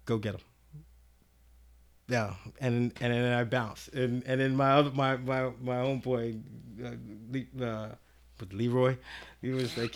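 Bright-voiced Philly man telling a story. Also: medium pitch, normal speed. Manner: animated, profane storyteller who acts out quotes. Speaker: podcast guest. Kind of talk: casual podcast storytelling.

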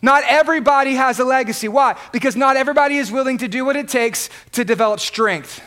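Man, pastor, very high voice, emphatic sermon, shouted peaks. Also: fast talker.

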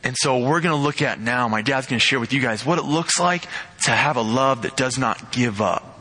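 A young man preaching a sermon in an earnest, measured way before handing over to his father. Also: medium pitch, pushed and bright.

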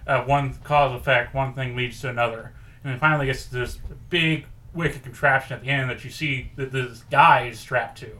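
A man co-hosting a podcast, pitching a story in rambling casual chat and acting out quoted lines. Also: fairly even intonation, moderate pace, bright, forceful tone. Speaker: podcast co-host pitching a movie idea.

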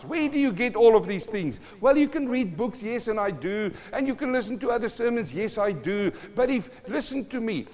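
Man, preacher, sermon, emphatic, hushed to loud, long hall reverb, dull lo-fi sound. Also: sits high. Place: church hall.

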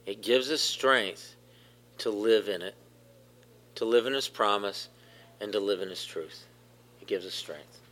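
Emphatic low-voiced male preacher. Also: fairly even intonation, fairly quick, a bit bright. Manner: emphatic, repeats phrases, questions the congregation. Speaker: pastor. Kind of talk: sermon.

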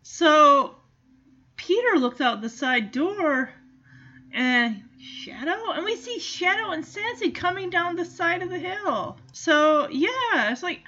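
A woman's voice: very high-pitched, takes it slowly, highs cut off. Chatty woman recapping a movie. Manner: chatty, animated retelling with asides.

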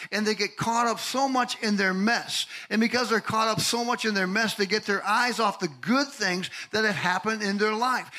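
An older male pastor preaching a lively sermon, telling stories and asking the congregation questions. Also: sits high, low-quality recording. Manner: animated storytelling, asks the congregation questions.

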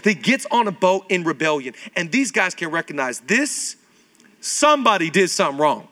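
A male pastor in his thirties preaching a sermon, animated, firing rhetorical questions at the congregation. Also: sits high, normal speed. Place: church stage.

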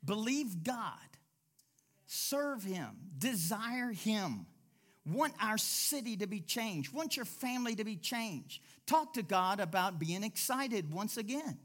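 Preaching a little slowly and with animation, a male pastor moves from hushed, low asides to loud outbursts. He puts on whiny voices whenever he quotes others.

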